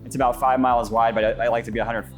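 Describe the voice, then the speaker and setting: Fast-talking, confident man giving a tour. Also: medium pitch, level tone, faint music behind. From Phoenix area. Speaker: guest, brokerage owner. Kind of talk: casual interview, office tour. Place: inside a real estate office.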